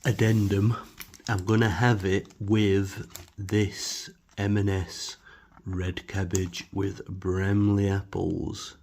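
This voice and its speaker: A man's voice: low-pitched, flat delivery, takes it slowly, a little mellow, slight background noise. A man casually reviewing supermarket food in his home kitchen, rambling with many fillers and wry asides.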